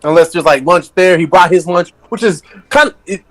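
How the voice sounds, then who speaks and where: A man's voice: high-pitched, brisk, a bit bright, poor audio. A man rambling in a casual podcast chat, full of restarts and "like"s as he thinks aloud. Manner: rambling, with many restarts and fillers.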